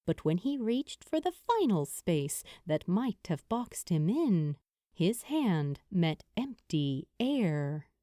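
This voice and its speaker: A woman narrates a fantasy novel, unhurried and deliberate, her mellow voice rising and falling with the story. The sound is dry and close, with no room around it. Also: on the low side, no room sound. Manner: measured, expressive storytelling. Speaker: audiobook narrator. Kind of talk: scripted narration.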